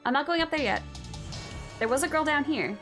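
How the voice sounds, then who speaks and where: Lively high-voiced woman streaming a game. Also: brisk. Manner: reads game dialogue aloud and reacts with exclamations. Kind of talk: casual live game commentary. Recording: voice over game music.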